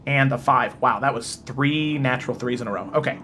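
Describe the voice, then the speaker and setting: A man narrating a tabletop game as game master, briskly calling rolls and damage. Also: mid-range voice, background noise. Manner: brisk narration, rolling dice aloud.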